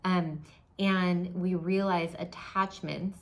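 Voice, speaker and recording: A young woman explains spiritual ideas in a loose, chatty way, restarting her sentences and laughing at her own slips. Her voice sits somewhat low for a woman. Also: fairly even intonation, slow. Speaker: spiritual teacher. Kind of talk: casual spoken teaching to camera.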